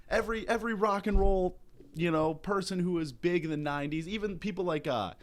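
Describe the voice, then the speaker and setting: A young man hosting a comedy podcast, ranting loudly and profanely in mock outrage, hungover. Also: high voice, a little fast. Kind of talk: satirical comedy rant.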